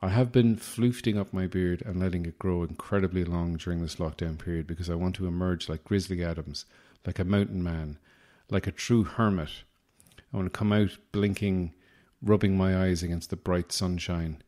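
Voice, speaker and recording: Low-voiced irish guy rambling on his podcast, wry and self-deprecating. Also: steady tone, normal speed, warm tone. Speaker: podcast host. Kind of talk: comic monologue.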